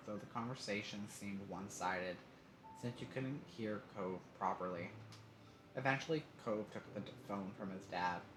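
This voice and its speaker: Streamer, male, lower voice, reads narration with asides; faint background noise. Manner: reads aloud with asides and laughs. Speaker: streamer reading a story game. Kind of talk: live-streamed story narration. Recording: roomy echo, faint noise.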